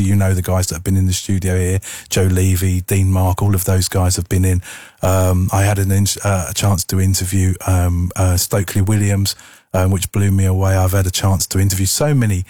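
A man's voice: low-pitched, little pitch movement, brisk, warm tone, no room sound, clean studio sound. A man presenting on the radio, telling a story in a casual, rambling way with frequent ums. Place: radio studio.

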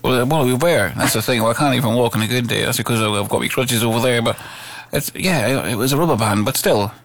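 A man's voice: medium pitch, quick pace, no echo. A man hosting a local radio show, chatting casually in a jokey, rambling, self-deprecating way. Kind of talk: casual chat.

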